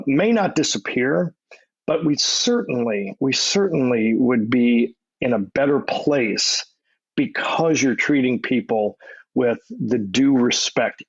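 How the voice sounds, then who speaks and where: A man's voice: medium pitch, gravelly, slightly rough, dry recording, dull audio. A middle-aged man, a podcast guest, telling anecdotes in a loose, rambling way, restarting and repeating his words often. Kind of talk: casual interview storytelling.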